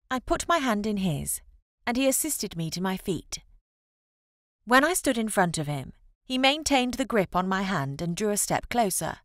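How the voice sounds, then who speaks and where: A woman narrating a novel in the first person, with expressive, measured storytelling. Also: medium pitch, dry recording, studio quality. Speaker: audiobook narrator.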